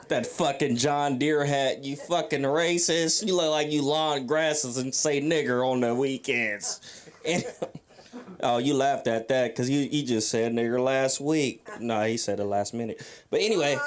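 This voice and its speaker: A man's voice: medium pitch, normal speed. A drunk man doing a crude, rambling open mic stand-up set on a comedy club stage, roasting the crowd. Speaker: stand-up comic.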